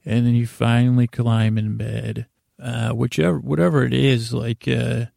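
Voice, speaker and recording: A man's voice: mid-range voice, fairly even intonation, unhurried, creaky, mellow, no room sound, clean studio sound. A man hosting a podcast, telling a meandering, drowsy bedtime story full of restarts and fillers. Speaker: podcast host.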